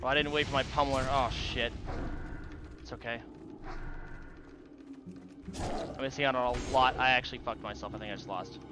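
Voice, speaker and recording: A man's voice: medium pitch, fairly even intonation, moderate pace, pauses often, noisy background. A man streaming a game duel, muttering and swearing in frustration as he plays. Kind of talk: live gameplay commentary. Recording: game music behind voice. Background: game music.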